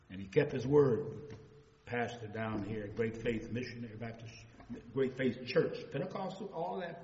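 An older man preaching a sermon. He retells conversations as stories and rises into loud, high-pitched bursts. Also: slight background noise. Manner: retells exchanges in a storytelling voice. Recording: dull audio with long hall reverb.

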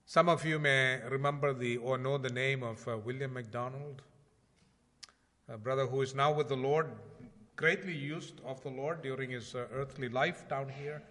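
A man preaching a sermon in a conversational way, asking rhetorical questions and swinging between loud emphasis and quiet asides. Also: mid-range voice, steady tone, moderate pace. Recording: long hall reverb.

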